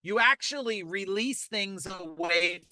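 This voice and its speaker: A man leading a live online coaching session from a parking lot, talking fast and energetically, repeating key points and asking listeners to type replies. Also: high voice, pushed and bright, no echo. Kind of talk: live motivational webinar coaching.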